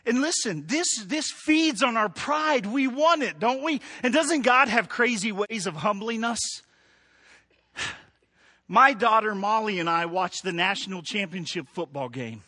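A middle-aged man preaching a sermon, animated, building to emphatic peaks and dropping soft. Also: sits high, unhurried. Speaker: pastor.

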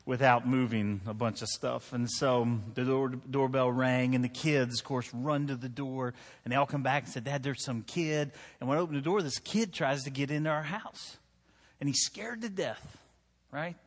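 Joking pastor in an echoing hall. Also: male voice, mid-range voice. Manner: conversational, joking, asks the crowd "right?". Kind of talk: sermon with personal stories. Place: church hall. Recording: long hall reverb.

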